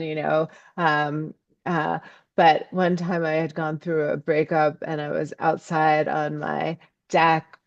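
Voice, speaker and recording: A low-voiced woman talks slowly as a podcast guest, pausing often with ums as she searches for words. She brightens when she acts out her own inner thoughts. The sound is muffled, lo-fi and completely dry. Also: gravelly, dry recording. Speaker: guest, ecopsychology scholar and author. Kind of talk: reflective podcast interview talk.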